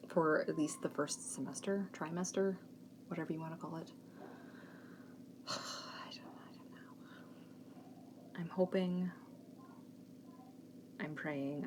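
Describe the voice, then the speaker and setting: A woman in her thirties chats casually and frankly as a podcast host, her voice pitched on the low side. A faint hiss of background noise sits under the recording. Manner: chatty, frank, fretful about the kids' schooling. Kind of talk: casual chat.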